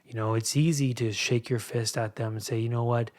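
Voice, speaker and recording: A man hosting a solo podcast, speaking in a reflective, halting way that often repeats words as he searches for them. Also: mid-range voice, fairly even intonation, darkish tone. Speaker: podcast host and anxiety coach.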